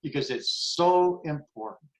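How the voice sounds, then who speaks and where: A man's voice: fairly high pitch, lively intonation, unhurried, poor audio. A man in his seventies sharing an earnest, rambling reflection in a group discussion, full of restarts. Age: 70s. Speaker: forum participant.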